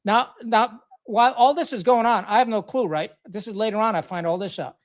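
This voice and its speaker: A middle-aged man, a retired military officer, telling a long story in a podcast interview in a blunt, profane, animated way. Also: high voice, brisk.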